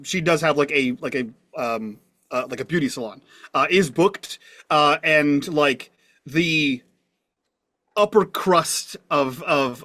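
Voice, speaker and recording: A man's voice: fairly high pitch, a bit bright, no echo. A man working as game master, describing the scene and its characters in a rambling way with lots of fillers. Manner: rambling, full of fillers and restarts. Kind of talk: narrating a tabletop game.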